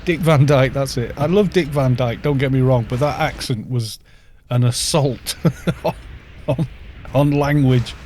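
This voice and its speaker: A man's voice: medium pitch, measured pace, a little mellow, slight background noise. A middle-aged man from North Wales with a Welsh accent, chatting casually and joking with viewers while live-streaming a game. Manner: chatty, joking, reads chat aloud.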